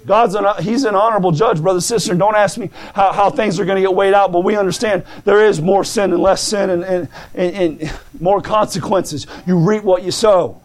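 Male preacher, high-pitched, fervent and stammering, climbs into shouts. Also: brisk. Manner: stammering restarts. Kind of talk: sermon.

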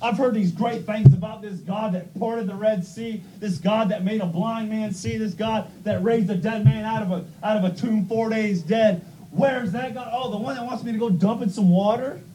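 A man's voice: high-pitched, steady tone, normal speed, hardly any pauses, dark tone, slight background noise, pitched above the performer's own voice, lightly acted, low-quality recording. A man preaching a sermon, voicing a proud and angry ancient ruler who scoffs in indignation. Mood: indignant.

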